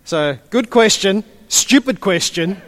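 Brief: male pastor, high voice, playful and quick with the crowd. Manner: jokey, animated, quick asides. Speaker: pastor leading a group session. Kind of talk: interactive church teaching.

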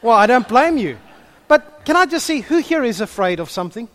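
Animated preacher, high voice. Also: male voice, a little fast. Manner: storytelling, animated, chatty with the congregation. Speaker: pastor. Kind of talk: sermon.

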